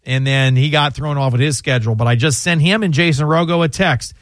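Chatty male radio host, slightly high voice. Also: fairly quick, no room sound, clean studio sound. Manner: chatty, rambling, self-interrupting. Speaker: radio show host and lawyer. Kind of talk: call-in legal advice radio talk.

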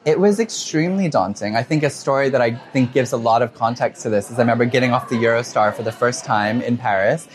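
A man in his twenties answering interview questions, talking quickly and emotionally with many fillers and quoted asides. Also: medium pitch. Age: 20s. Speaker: fashion designer, interview guest.

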